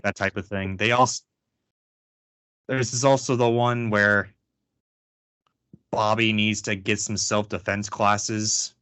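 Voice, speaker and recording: A man's voice: on the low side, slow, long pauses, clean tone, no echo. Rambling casual man, dry close mic. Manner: rambling, filler-heavy, animated asides. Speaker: podcast co-host. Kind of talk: casual chat.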